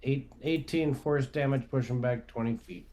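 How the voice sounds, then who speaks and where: A man playing a tabletop game, talking in a hesitant, matter-of-fact way with many pauses. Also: mid-range voice, mellow. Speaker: player. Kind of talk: casual tabletop game play.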